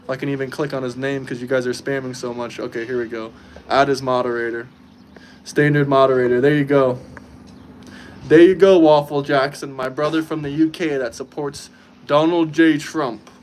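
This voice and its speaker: A man's voice: medium pitch, steady tone, normal speed, a little hiss or hum. A man hosting a casual livestream from his own setup, talking straight to his chat in a combative, mocking way. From United States. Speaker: livestream host.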